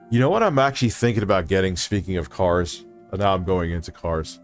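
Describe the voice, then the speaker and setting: A man streaming reaction commentary, mocking and swearing, often rising into loud high-pitched rants. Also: fairly quick, few pauses, over loud music, over a noisy crowd.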